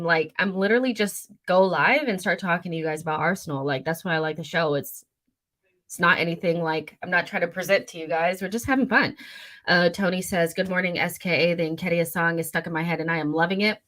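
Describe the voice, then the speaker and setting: Chatty low-voiced woman hosting a livestream. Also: fairly quick, fairly bright tone. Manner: chatty, rambling, many fillers and self-corrections. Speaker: host of a fan livestream. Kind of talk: casual livestream chat, reading viewer comments. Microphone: studio mic at a desk.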